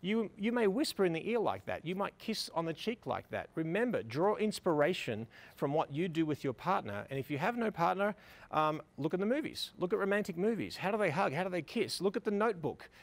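A man's voice: high-pitched, very animated, brisk. Upbeat man coaching a photo shoot. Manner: upbeat, coaxing, lots of praise. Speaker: photography instructor. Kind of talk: on-location teaching, directing models. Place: outdoors by a building.

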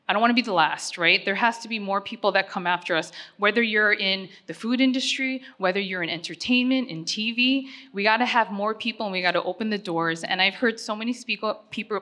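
A woman's voice: medium pitch, pushed and bright. A middle-aged woman giving a personal acceptance speech at a gala, talking earnestly and conversationally with frequent fillers.

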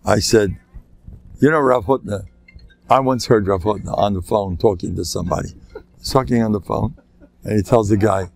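A man's voice: lowish voice, moderate pace, creaky, long pauses, a little mellow, no room sound. An older man, a rabbi, telling anecdotes in a lecture, laughing at his own jokes and acting out the voices of people in his stories. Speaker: rabbi giving a talk.

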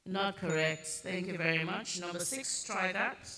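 This spelling bee pronouncer's voice is bright and sits on the low side, and she speaks slowly, enunciating each word with care. She judges the children's spellings and gives firm instructions in an echoey school competition hall with some faint noise.

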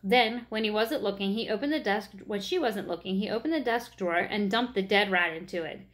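A woman reading a children's story aloud in a gentle, expressive way. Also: mid-range voice, brisk.

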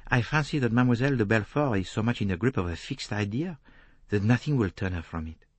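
A man's voice: lowish voice, animated, slightly rough, no room sound. A man voicing Poirot, precise and probing. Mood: gentle. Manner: precise, measured, courteously relentless. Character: fastidious middle-aged male Belgian detective, probing, gently insistent. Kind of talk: audiobook character reading.

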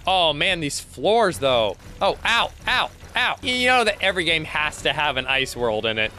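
A young man talks through his game in a high, bright, bouncing voice, chatty and excitable, breaking into laughs and yelps. Faint game music plays underneath him. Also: moderate pace. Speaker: gaming channel host. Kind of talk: let's play commentary.

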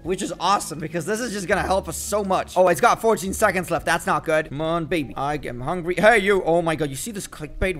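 A young man doing excitable let's-play commentary, talking to the fish and to his viewers. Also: sits high. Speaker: gaming video host.

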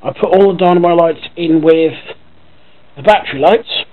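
Norfolk bloke rambling on in a home vlog, bit high voice, swears casually, tinny lo-fi mic. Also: male voice, moderate pace. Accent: Norfolk English. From Norfolk, England. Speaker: vlogger. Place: at home by his computer.

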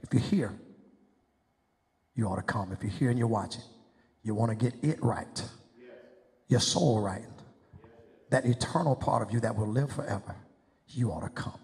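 A man's voice: fairly low pitch, normal speed, vocal fry, pauses often. A preacher man giving an impassioned, pleading sermon invitation in a church sanctuary. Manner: impassioned, pleading, rising to shouts. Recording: echoey church hall.

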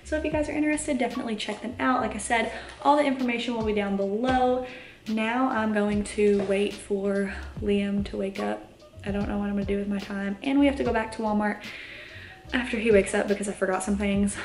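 A woman's voice: medium pitch, fairly even intonation, a little fast, darkish tone, echoey room, soft background music. A young woman vlogging as a mom at home, chatty and candid, a bit tired, laughing often, talking to the camera. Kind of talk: casual vlog chat to camera. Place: home, indoors. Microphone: camera mic.

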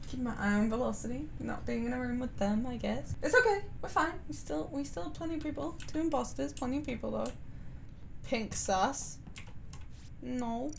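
A playful woman streamer talks through a game with her viewers, chatty and giggly. Her slightly high voice leaps up and down as she goes. She speaks at an unhurried pace, with faint keyboard typing and background noise behind her. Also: a bit bright. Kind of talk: gaming commentary with viewers.

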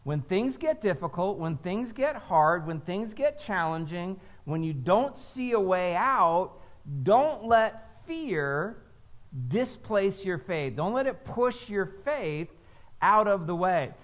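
A man's voice: high-pitched, lively intonation, measured pace, fairly bright tone, lo-fi sound. A man pastor preaching a sermon in a conversational way, often checking in with "right?" and having the congregation repeat phrases.

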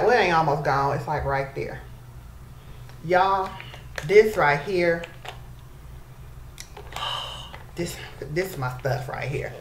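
A woman chatting casually to her viewers in a beauty vlog, calling them y'all. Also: sits low. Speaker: beauty vlogger. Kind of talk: casual chat to camera. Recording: echoey room, faint background noise.

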